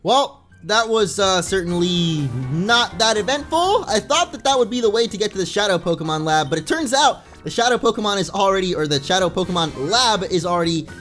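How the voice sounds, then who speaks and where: A man's voice: sits high, expressive, brisk, few pauses, fairly bright tone. A young man giving casual, rambling commentary while playing a video game. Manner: chatty, rambling, reads game text aloud. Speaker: let's play gamer. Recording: faint game music behind.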